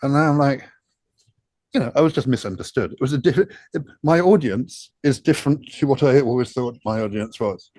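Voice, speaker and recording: A man talks through his past in a loose, meandering interview, full of fillers and cheerful profanity. He sounds self-deprecating and candid. The recording is close and dry, with no room sound around his mid-pitched voice. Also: lively intonation, quick pace, few pauses, warm tone, no room sound. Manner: rambling, self-deprecating, swears freely, many fillers. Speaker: interview guest, music producer. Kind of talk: casual storytelling interview.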